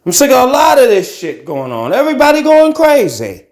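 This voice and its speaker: This middle-aged podcast host from Akron, Ohio, rants bluntly and with plenty of profanity in a casual vlog monologue, walking from his carpeted living room into a tiled kitchen. His voice is very high, swoops wildly in pitch, moves briskly, and has a slightly mellow quality.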